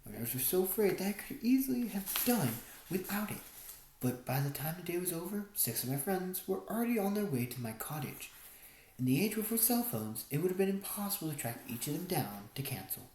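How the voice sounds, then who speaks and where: Low, expressive woman narrating a memoir. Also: fairly quick, echoey room, a little hiss or hum, rough recording. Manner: expressive storytelling, wide swings in tone. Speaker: audiobook narrator. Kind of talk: first-person memoir narration.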